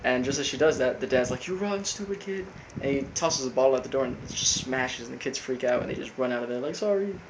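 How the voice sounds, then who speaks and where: Flat-voiced man rambling through a recap. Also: mid-range voice, fast, few pauses, background noise. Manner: rambling, full of fillers, quotes characters flatly. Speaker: recap host. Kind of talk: casual episode recap.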